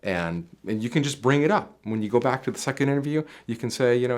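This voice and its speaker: A man's voice: mid-range voice, expressive, fast talker, few pauses, a little mellow. A man coaching viewers on job interviews in an emphatic, repetitive advice monologue that speaks straight to the listener.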